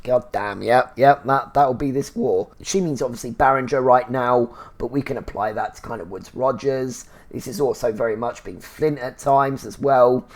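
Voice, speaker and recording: A man hosting a casual episode review, chatty and full of fillers, with bursts of excited exclamation. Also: medium pitch, normal speed, few pauses. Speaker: TV review show host.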